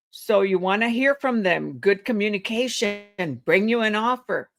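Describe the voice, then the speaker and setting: A woman teaching a real estate sales script, slowly acting out the agent's and the seller's lines with shifting intonation. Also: medium pitch, lively intonation, vocal fry, fairly bright tone. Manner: acts out both sides of a phone call with shifting intonation; slow, deliberate delivery.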